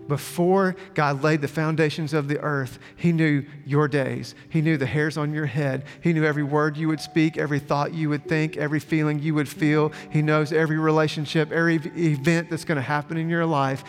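A man's voice: on the high side, little pitch movement, fairly quick, hardly any pauses. A man preaching a sermon as pastor, speaking earnestly with repeated phrases and building emphasis. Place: church sanctuary. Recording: long hall reverb with faint music.

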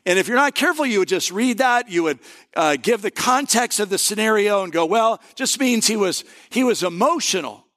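Guy preaching a sermon, kinda high voice, chatty storytelling, slows way down on the big points. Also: expressive, a bit bright. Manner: conversational preaching with storytelling and emphatic pauses. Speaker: pastor.

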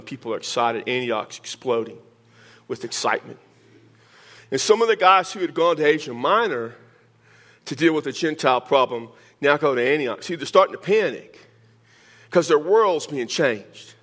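A man's voice: mid-range voice, fairly bright tone. An older man preaching a sermon, teaching verse by verse with joking asides to his congregation. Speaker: pastor.

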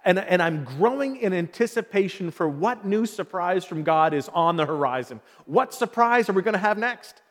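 High-voiced pastor preaching in a reverberant hall. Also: male voice, lively intonation, normal speed, hardly any pauses. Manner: earnest, building to emphatic calls. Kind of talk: sermon. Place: church hall.

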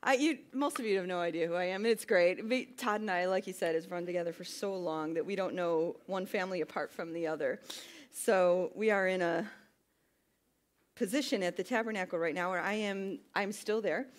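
A woman's voice: on the low side, brisk. Chatty woman worship pastor preaching. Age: 30s. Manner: chatty and self-deprecating, rising to emphatic preaching. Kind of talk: sermon.

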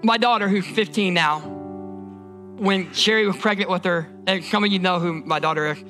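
A man's voice: high-pitched, moderate pace, bright, forceful tone, soft background music. A man from Indiana preaching a sermon as a pastor, emphatic and repetitive, often restarting his words.

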